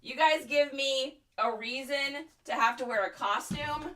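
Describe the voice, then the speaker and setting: A woman's voice: high-pitched, unhurried, fairly bright tone, faint music behind. A young woman hosting a casual reseller livestream, chatting in a bubbly way with lots of fillers and laughs.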